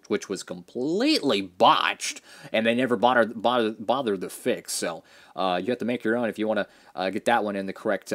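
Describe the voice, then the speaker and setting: A man giving a casual, opinionated review of collectible model cars, rambling with restarts, from his home studio. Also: fairly low pitch. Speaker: diecast reviewer.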